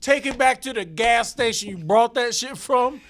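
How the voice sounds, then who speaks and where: A man's voice: extremely high pitch, normal speed, crowd noise. A man co-hosting a comedy podcast, telling prank-call memories and riffing on mock ads, with plenty of swearing. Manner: swearing, joking, mock-ad delivery. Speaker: podcast co-host. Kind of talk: casual comedic chat.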